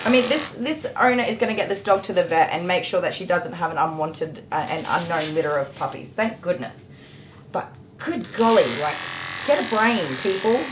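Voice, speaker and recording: A dog groomer with a lower-pitched, expressive voice chats at normal speed during a live-streamed grooming session. She gets heated and rants with mild cursing, and the echoey room carries the sound of electric clippers.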